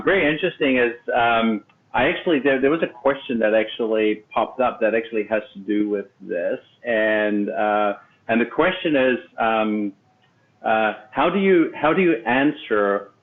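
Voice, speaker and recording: Low-voiced man on a thin phone-like line. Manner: halting, many restarts and "you know"s. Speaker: podcast host and leadership coach. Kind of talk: casual interview talk. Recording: thin phone-like remote audio.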